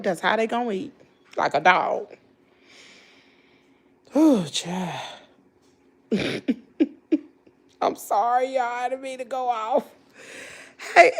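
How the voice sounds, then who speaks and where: A woman hosting a live-stream, giving sassy, indignant gossip commentary straight to her chat. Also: on the high side. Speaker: livestream host.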